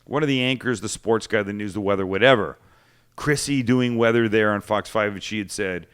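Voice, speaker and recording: A man's voice: on the low side, a little fast, smooth. A man hosting a cooking show, telling stories in casual chat and acting out the people he quotes. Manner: animated storyteller acting out quotes.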